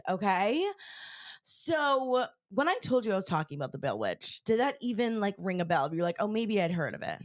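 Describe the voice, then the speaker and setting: A young woman co-hosting a podcast, telling a story in a casual, excitable way with lots of filler words. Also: medium pitch, a little fast, no echo, clean studio sound. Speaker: podcast co-host.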